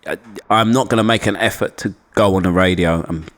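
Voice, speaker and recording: Animated London man telling stories. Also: deep voice, brisk. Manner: animated, laughing, swings into voices. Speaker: guest. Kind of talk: casual storytelling chat.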